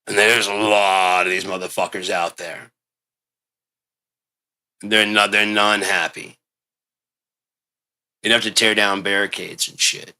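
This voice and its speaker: A man with a low, gravelly voice and a bright, forceful edge rants on in a rambling monologue. He swears constantly and jumps without warning into loud, heated outbursts. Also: little pitch movement, takes it slowly, pauses often. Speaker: show host.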